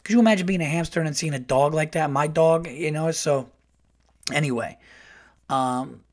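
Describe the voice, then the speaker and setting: A middle-aged man hosting a podcast, telling a story in a casual, animated, profane and rambling way. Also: a little high, normal speed. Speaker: podcast host.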